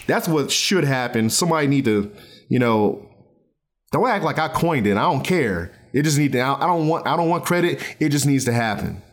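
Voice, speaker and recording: A man's voice: medium pitch, animated, moderate pace. A man hosting a casual solo podcast from his bedroom, talking in a loose, rambling way with many fillers and restarts. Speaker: podcast host. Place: bedroom at home.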